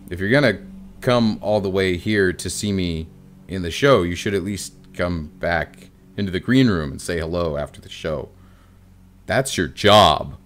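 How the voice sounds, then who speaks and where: A low-pitched American man talking straight to his viewers in a loose, rambling way. His pitch swings widely, and he tosses in wry asides. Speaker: video host. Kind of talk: casual chat to camera.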